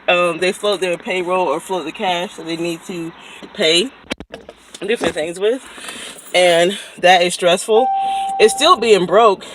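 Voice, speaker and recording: Lady in her 30s vlogging off her phone, chatty and laughing, noisy street and fountain behind her. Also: medium pitch. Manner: chatty, animated, laughs often. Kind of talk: casual vlog chat. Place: outdoors in a city, by a fountain, then in a car. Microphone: phone held at arm's length. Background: street ambience, fountain, traffic.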